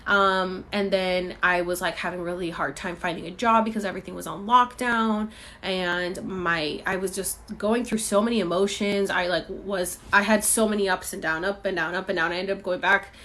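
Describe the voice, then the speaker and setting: A woman's voice: mid-range voice, fairly even intonation, moderate pace, a bit bright, slight background noise. A young woman hosting a podcast, telling a personal story in a chatty way with lots of fillers. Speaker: podcast host. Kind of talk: casual storytelling.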